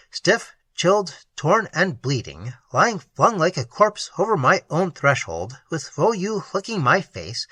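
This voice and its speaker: Audiobook narrator, dramatic delivery, bright tone, very lively pitch. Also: husky, no echo. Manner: expressive reading with sweeping pitch swings.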